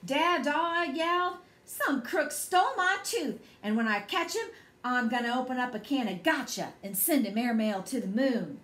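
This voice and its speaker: A woman voicing a hot-tempered little farm girl who shouts indignant threats. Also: fairly high pitch, expressive, close to an everyday voice. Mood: excited. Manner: loud, indignant, rushing threats. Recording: echoey room.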